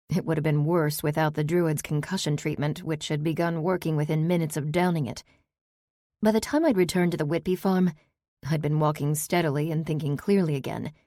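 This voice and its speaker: A woman narrating a first-person fantasy audiobook in a steady, measured way. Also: low voice, no room sound, clean studio sound.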